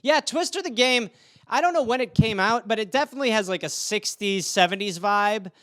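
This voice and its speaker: A man's voice: high voice, animated, a little fast, pushed and bright, dry recording, clean studio sound. A man hosting a podcast solo, riffing comedically through listener topics and slipping into goofy character voices.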